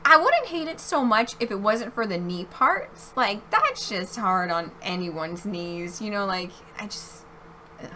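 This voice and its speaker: A young woman hosting a casual podcast chat, bubbly and quick to laugh. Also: medium pitch, lively intonation, noisy background. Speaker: podcast host. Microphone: streaming mic.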